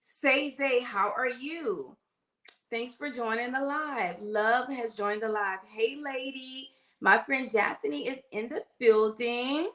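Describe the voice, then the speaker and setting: A woman's voice: on the high side, slow. Woman nurse going live on her phone, lotta y'all, chatty, roomy echo. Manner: chatty, warm greetings, uses y'all. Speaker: nurse and livestream host. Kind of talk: casual livestream chat greeting viewers. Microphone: phone livestream.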